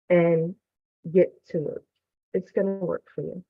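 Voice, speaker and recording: A woman's voice: on the low side, steady tone, moderate pace, dry recording. A woman member sharing a heartfelt testimonial on a group call, earnest and close to tears. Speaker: student member of the community. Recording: dry, tinny phone-like line.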